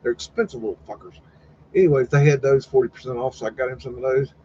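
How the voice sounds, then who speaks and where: A warm-toned man talks fast with fairly even intonation in a mid-range voice, hosting a casual live stream. He rambles folksily, drops occasional swears and retells chats in quoted voices. The recording is a bit dull, with faint noise.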